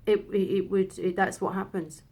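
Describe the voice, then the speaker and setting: A woman in her thirties telling a personal story, halting and emotional, with many restarts. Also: medium pitch, level tone, a little mellow, slightly rough. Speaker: vlogger.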